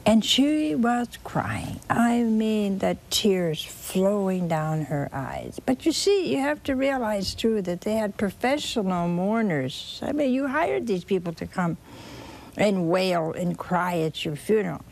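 Slow, gravelly woman preaching a sermon. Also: medium pitch, a little hiss or hum. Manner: slow, expressive storytelling with dramatic repetition.

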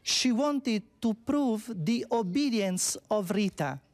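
A woman guiding visitors, speaking haltingly and tagging phrases with a questioning "huh?". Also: a little high, expressive, a little mellow. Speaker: tour guide. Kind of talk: on-site guided explanation.

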